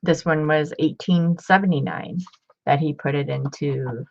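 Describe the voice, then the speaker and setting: A woman in her fifties, chatty and excitable, showing off old books in a casual vlog. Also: deep voice, unhurried, vocal fry. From Ohio. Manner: chatty, excitable, muttering asides. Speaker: book collector vlogger. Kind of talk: casual show-and-tell. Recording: dull lo-fi home recording.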